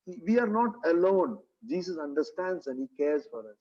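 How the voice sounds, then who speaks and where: A man preaching in a church with a Kerala English accent, his voice high and husky. He speaks earnestly, repeats his phrases and keeps asking the congregation rhetorical questions. The recording is dull and lo-fi. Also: big pitch swings, moderate pace, darkish tone. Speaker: pastor. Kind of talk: sermon.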